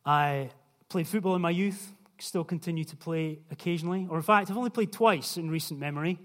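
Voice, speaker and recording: A man's voice: on the high side, fairly quick, a bit bright. A young man preaching a sermon in a conversational way, putting questions to the listeners. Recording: long hall reverb.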